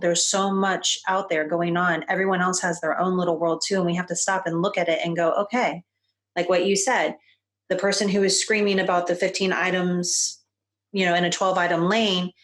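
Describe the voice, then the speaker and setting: A woman's voice: lowish voice, fairly bright tone. A woman guest on a podcast, talking in a casual, emphatic and opinionated way. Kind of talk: casual conversation.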